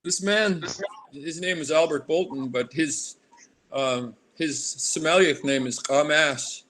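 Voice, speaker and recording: A man's voice: on the high side, slow, a bit bright. Rambling man in his sixties. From Alaska. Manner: rambling, drifts into tangents. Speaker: artist interviewee. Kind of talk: casual interview.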